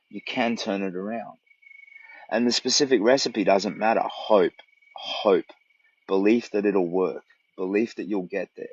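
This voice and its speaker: A man's voice: lowish voice, no echo, muffled recording. A middle-aged man with an Australian accent, chatting earnestly and rambling on a livestream from a tent in the bush. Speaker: walking vlogger. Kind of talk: casual livestream chat. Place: tent in dense bush outdoors. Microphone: phone livestream.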